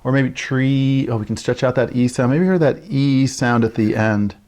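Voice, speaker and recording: A man's voice: medium pitch, moderate pace, darkish tone. A man who teaches young children explains early writing steps to parents, often checking in with "right?" and acting out what he says to children. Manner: explains with frequent "right?" check-ins and modeled child-directed lines. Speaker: early childhood literacy educator. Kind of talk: instructional talk to parents.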